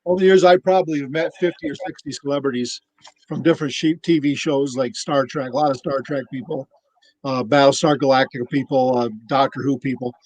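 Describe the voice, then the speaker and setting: A man on a podcast telling a casual, animated story and acting out the voices of the people in it. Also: medium pitch, brisk, dry recording, poor audio. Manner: animated anecdote-teller, acts out quoted voices. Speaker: podcast cohost.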